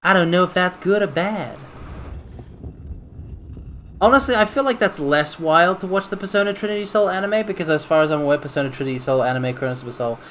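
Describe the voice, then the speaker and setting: A man streaming a video game, rambling casually and breaking into quick exclamations. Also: fairly high pitch, a bit bright, a little hiss or hum. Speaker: livestreamer playing a video game. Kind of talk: casual gameplay commentary.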